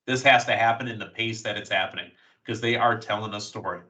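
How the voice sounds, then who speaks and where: Male podcast host, casual wrestling recap, excited storyteller, bright voice, a bit off-mic. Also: on the low side, fast, distant mic, low-quality recording.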